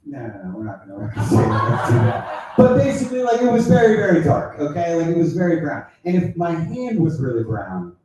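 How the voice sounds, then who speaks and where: A man in the middle of a stand-up routine, rambling through a crude story with endless fillers. His fairly high voice comes from some distance off the mic and rings through a very echoey room. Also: huge pitch swings, brisk, dark tone, faint music behind. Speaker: stand-up comedian. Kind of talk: stand-up set.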